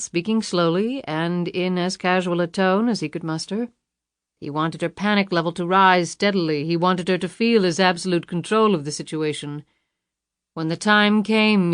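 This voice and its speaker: Low-voiced woman narrating a thriller. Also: smooth, no room sound, studio quality. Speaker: audiobook narrator.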